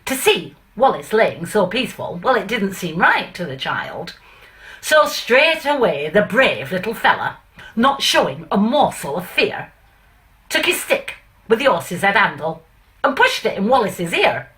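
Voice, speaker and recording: A woman's voice: medium pitch, big pitch swings, unhurried, fairly bright tone. A woman reciting a comic monologue poem in a put-on northern English accent, after a chatty introduction full of fillers.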